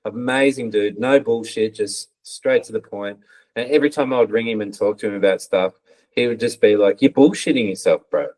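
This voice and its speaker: A man's voice: fairly low pitch, a little fast, low-quality recording. Swearing man telling stories. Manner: swears freely, lively storytelling with quoted voices. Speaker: podcast guest. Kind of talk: casual storytelling interview.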